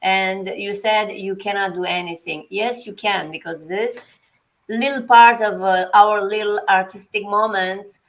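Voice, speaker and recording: A woman's voice: medium pitch, steady tone, a little slow, a bit bright. A woman hosting an interview, asking questions in an earnest, encouraging way. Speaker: interview host. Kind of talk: conversational interview.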